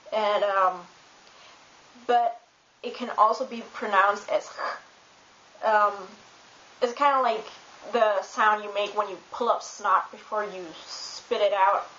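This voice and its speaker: Unhurried woman with many ums. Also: medium pitch. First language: German. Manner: relaxed, hesitant, many ums and uhs. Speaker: German tutor. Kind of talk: casual spoken lesson. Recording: roomy, dull home recording with hiss.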